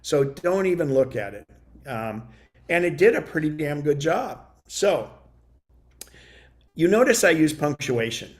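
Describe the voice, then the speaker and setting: A man's voice: a little high, big pitch swings, measured pace, pauses often. Chatty man teaching a computer class. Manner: chatty, dictates punctuation aloud. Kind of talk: demonstrating voice dictation.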